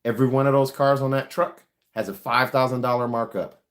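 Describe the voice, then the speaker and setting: A man's voice: medium pitch, fairly even intonation, a little fast, fairly bright tone. A man, a car salesman, chatting casually on a livestream, answering viewer questions in a rambling, frank way with many ums and uhs. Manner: frank, advice-giving.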